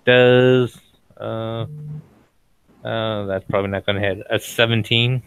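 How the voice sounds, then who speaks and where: A man with a smooth, clear voice, playing a tabletop game. He talks slowly and methodically through his turn. The sound is dry and close. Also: lowish voice, steady tone, a bit bright, low-quality recording. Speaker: player.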